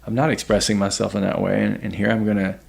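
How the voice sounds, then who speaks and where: A man talking casually as a podcast guest, reflective and halting, restarting his sentences often. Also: lowish voice, level tone, gravelly, a little mellow. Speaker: podcast guest, host's partner. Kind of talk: casual conversation.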